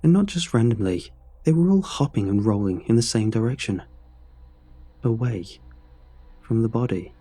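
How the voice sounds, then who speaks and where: Guy reading a creepy horror story, low husky voice, tense and hushed, quiet music behind. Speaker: narrator. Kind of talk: scripted horror narration. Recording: soft music underneath.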